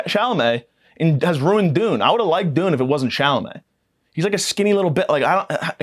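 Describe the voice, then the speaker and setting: A young man hosting a podcast, delivering a profane, mock-aggressive comedic rant that rambles from point to point. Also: on the high side. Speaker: podcast host.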